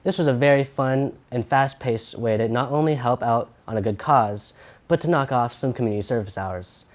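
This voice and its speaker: A man's voice: medium pitch, normal speed. Friendly teen boy anchoring school news. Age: teenager. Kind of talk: scripted school news reading.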